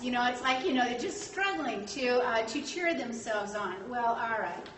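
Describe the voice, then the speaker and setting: A woman telling a history story in a lively way, acting out the quotes and using lots of fillers. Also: on the high side, moderate pace, hardly any pauses. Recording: echoey room, distant mic, faint noise.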